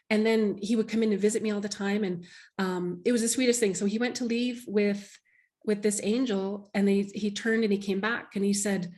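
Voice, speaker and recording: A woman's voice: mid-range voice, a little mellow. A woman guest, a medium, telling an emotional personal story in an interview, heartfelt and earnest with many restarts.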